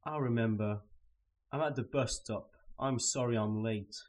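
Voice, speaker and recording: A man's voice: medium pitch, measured pace, natural voice. A man voicing a coworker running late to a meeting, in a scripted textbook dialogue with a plain, evenly read delivery. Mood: apologetic.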